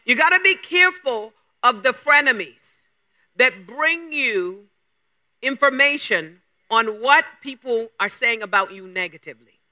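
Male preacher with a very high, bright, forceful voice and an emphatic question-heavy delivery. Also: animated. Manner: emphatic, fires rapid rhetorical questions. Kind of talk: sermon.

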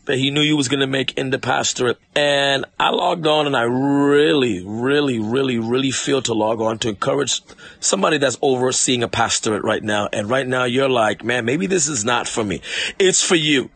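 A man's voice: medium pitch, moderate pace, a bit bright. A man preaching an online sermon, repeating lines emphatically and addressing listeners directly.

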